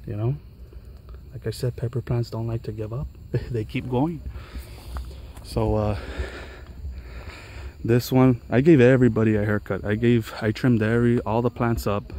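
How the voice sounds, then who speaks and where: A man's voice: mid-range voice, fairly even intonation, moderate pace, long pauses, dark tone, a little hiss or hum. A man giving an enthusiastic, chatty outdoor tour of his pepper garden for viewers. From Los Angeles area. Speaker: gardening vlogger. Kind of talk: casual garden walkthrough vlog. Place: outdoors on a mountain trail garden.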